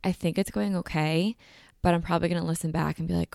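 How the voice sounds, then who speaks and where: A woman's voice: on the low side, animated, rapid-fire, gravelly, darkish tone, dry recording, clean studio sound. A young woman hosting her podcast in casual, rambling chat, with a groggy morning voice. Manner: chatty, rambling, upbeat. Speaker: podcast host.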